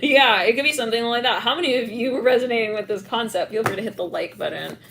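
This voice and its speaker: Animated, giggly woman reading tarot. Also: fairly high pitch, fast talker, creaky. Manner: animated, acts out scenes, giggles often; heavy filler "like", rambling. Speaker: tarot reader. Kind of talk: live-streamed tarot reading.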